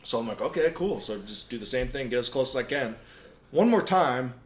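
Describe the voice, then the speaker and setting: A man, a guest on a podcast, telling a racing story in a casual, animated way with some swearing. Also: medium pitch, a little fast, slight background noise. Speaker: podcast guest, drift driver. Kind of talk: casual chat. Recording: roomy echo.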